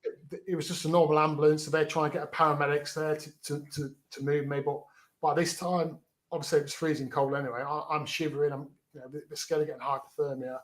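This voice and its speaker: A man's voice: on the high side, level tone, quick pace. Plain-spoken man telling his story. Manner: frank, plain-spoken, repeats words as he restarts. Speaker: guest. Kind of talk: candid storytelling interview.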